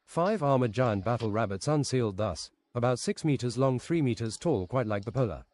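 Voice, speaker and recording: Man deadpan reading a story on stream. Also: medium pitch, brisk, few pauses.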